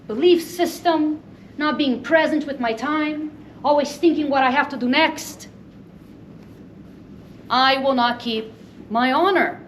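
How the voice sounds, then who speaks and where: A woman's voice: sits high, slight background noise. A woman giving an earnest impromptu club speech, listing her points in short phrases. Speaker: table topics speaker. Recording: echoey room, mic far off.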